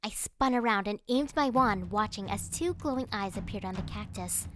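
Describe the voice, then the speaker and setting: Bright-voiced woman narrating an audiobook. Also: mid-range voice, normal speed, a little hiss or hum. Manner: expressive, dramatic reading. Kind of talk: first-person audiobook narration.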